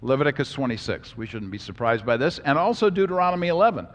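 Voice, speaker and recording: A man teaching a Bible class from slides, animated and emphatic, with joking asides. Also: medium pitch, fast. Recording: long hall reverb.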